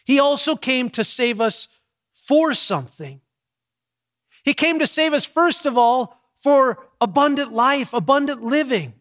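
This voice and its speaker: A man, a pastor with young kids, preaching a sermon with emphatic, measured delivery and dramatic pauses. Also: extremely high pitch, animated, fairly bright tone.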